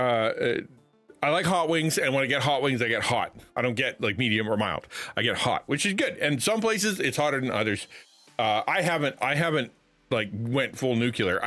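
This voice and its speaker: A man's voice: mid-range voice, fairly bright tone. A middle-aged man chatting casually on a live stream from his home setup, rambling with many restarts. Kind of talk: casual livestream chat.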